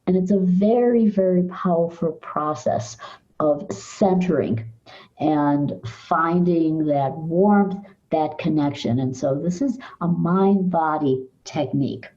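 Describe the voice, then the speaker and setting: Calm older woman psychologist, muffled audio. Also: on the low side. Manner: calm, measured, guides listener through exercises. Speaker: psychologist guest. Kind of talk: podcast interview, explaining techniques.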